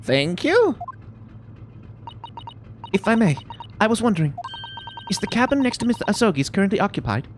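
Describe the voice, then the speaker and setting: A man voicing a polite, gentle young female assistant with a soft, formal way of speaking in a game playthrough. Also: sits high, very animated, normal speed, pauses often, slight background noise, pitched above the performer's own voice.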